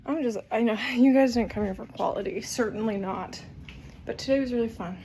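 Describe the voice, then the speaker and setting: A woman's voice: a little high, a little fast, slight background noise, low-quality recording. A young woman chatting casually through a travel vlog outdoors, bubbly and self-mocking, tired from the heat. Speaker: vlogger. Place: outdoors on city streets. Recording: loud background music.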